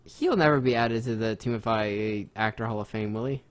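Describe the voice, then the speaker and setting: A man's voice: fairly low pitch, fairly quick, noisy background. A young man co-hosting a casual podcast. He talks loosely and swears freely. His delivery is unpolished and conversational. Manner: loose, profane banter. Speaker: podcast co-host. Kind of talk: casual chat.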